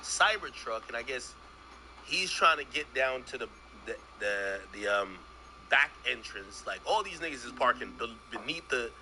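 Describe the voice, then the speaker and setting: A man's voice: medium pitch, lively intonation, normal speed, bright, forceful tone, a little hiss or hum. A man with a Jamaican accent telling a rambling, profane story to his stream, often repeating words as he goes. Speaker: streamer host. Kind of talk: casual storytelling chat.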